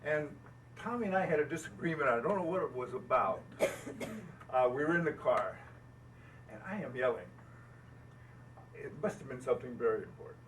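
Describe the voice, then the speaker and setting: A man's voice: medium pitch, expressive, brisk, long pauses, distant mic, slight background noise, low-quality recording. An older American man telling folksy stories to an audience about building boats, laughing at himself as he goes. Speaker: boat builder speaking at an owners' gathering. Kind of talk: storytelling talk to an audience. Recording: faint ambience, speaker off the mic.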